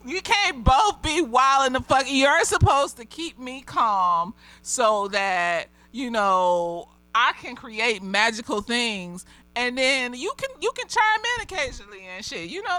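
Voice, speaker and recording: A slightly tipsy woman therapist giving a casual, profane review with lots of giggling and animated storytelling. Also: fairly high pitch, unhurried, hardly any pauses.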